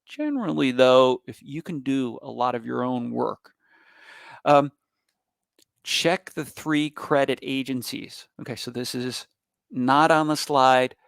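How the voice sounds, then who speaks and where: A man giving a cybersecurity talk in an emphatic, animated manner, with bursts of loud stress. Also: mid-range voice, unhurried, vocal fry, no room sound, clean studio sound. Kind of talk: public presentation.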